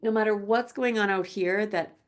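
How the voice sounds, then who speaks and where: A woman teaching a gentle yoga class, speaking softly and slowly. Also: medium pitch, steady tone. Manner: slow, soft-spoken, drifts into quiet chanting.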